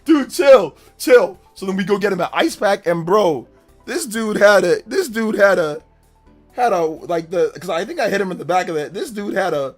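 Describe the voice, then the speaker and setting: Young man, livestream host, animated storyteller, high voice, faint background music. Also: normal speed. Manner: animated, slangy, acts out voices in his story.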